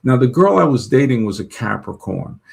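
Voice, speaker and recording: A man's voice: medium pitch, big pitch swings, brisk, gravelly. A man telling long personal stories in a casual chat, rambling with many restarts and retold dialogue. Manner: rambling, full of restarts and "she goes" retellings.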